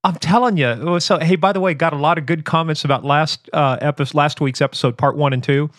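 A man hosting a podcast in casual chat, joking and animated as he talks with his co-host. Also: a little high, brisk, dry recording, clean studio sound.

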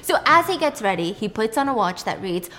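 A woman's voice: a little high, very animated, brisk, pushed and bright. A young woman vlogger chatting casually and joking as she recaps a movie and makes a snack.

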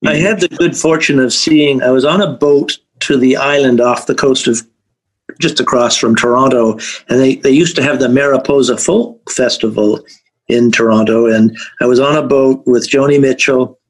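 A man's voice: medium pitch, moderate pace, low-quality recording. A man hosting a music podcast, chatting casually and sharing an enthusiastic memory, with phrases repeated for emphasis. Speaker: podcast host. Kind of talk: casual chat.

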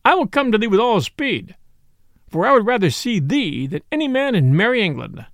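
Man doing a jolly outlaw boss, teasing and mock-serious, lively gravelly voice, dry sound. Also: high-pitched, normal speed, no room sound, voice pushed up, heavily acted. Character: jolly, mock-solemn male outlaw leader.

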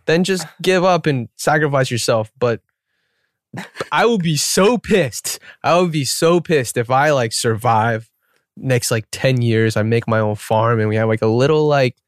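A man co-hosting a casual chat, spinning exaggerated scenarios with lively, joking energy. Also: medium pitch, normal speed, clear, resonant tone, no echo, clean studio sound. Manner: animated storyteller, riffs with exaggerated scenarios. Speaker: podcast co-host.

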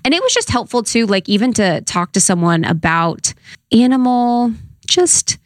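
A woman's voice: fairly high pitch, sing-song, normal speed, no room sound. A young woman in casual conversation, telling a story with lots of "like" and quoted voices. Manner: chatty storyteller, heavy use of "like". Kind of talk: casual chat.

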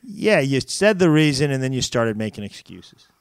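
A man's voice: medium pitch, sing-song, moderate pace, clear, resonant tone, no room sound, studio quality. A man co-hosting a podcast in casual chat, rambling and teasing. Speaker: podcast co-host.

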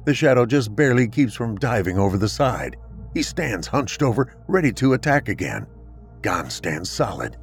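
A man narrating a scripted story in a dramatic, expressive reading. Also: lowish voice, moderate pace, faint music behind.

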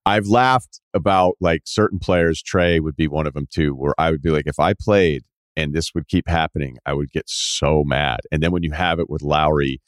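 Deep-voiced man hosting a podcast. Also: moderate pace, hardly any pauses, no room sound, studio quality. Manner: rambling, self-correcting questions. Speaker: podcast host. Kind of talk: casual interview questions.

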